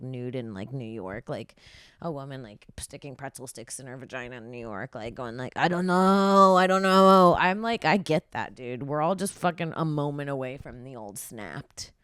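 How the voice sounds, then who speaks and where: A woman's voice: rumbling low, no room sound, clean studio sound. A woman in her thirties, a stand-up comedian, riffing through a casual, rambling and profane podcast monologue. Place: podcast studio.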